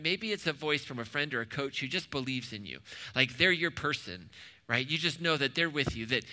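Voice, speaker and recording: Bright-voiced male pastor, casual sermon. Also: mid-range voice, long reverb tail. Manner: conversational, tag questions, joking asides. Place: church hall.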